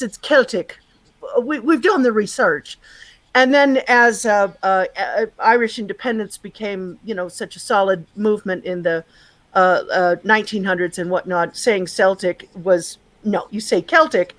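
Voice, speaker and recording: Her voice sits a little high and sounds a bit bright, captured in a low-quality recording. This magazine and radio presenter joins a video call as a guest, rambling chattily through the history of words with plenty of fillers.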